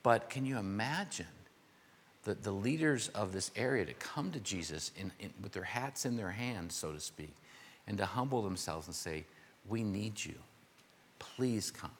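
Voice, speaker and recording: A man's voice: on the low side, animated, moderate pace, big-room sound, a little hiss or hum. An older man preaching a conversational, verse-by-verse sermon, explaining word meanings with informal asides to his congregation. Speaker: pastor.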